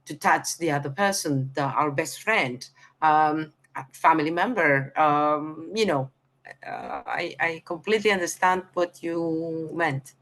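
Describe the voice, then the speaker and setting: A woman from Greece with a Greek accent, lecturing on communication, halting often with fillers and correcting herself mid-sentence. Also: low-pitched, fairly bright tone.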